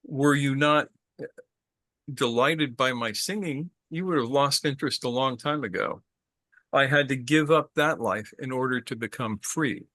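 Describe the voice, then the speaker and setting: A wise, freed songbird speaks in a calm, explaining way, voiced by a man within his story. The delivery stays unhurried and bright. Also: mid-range voice, no room sound, close to an everyday voice. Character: wise caged male songbird.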